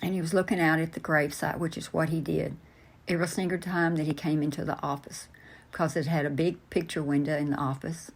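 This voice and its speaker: Older woman, low voice, halting storyteller answering interview questions. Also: vocal fry. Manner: slow, halting, many fillers and restarts. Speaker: interview guest.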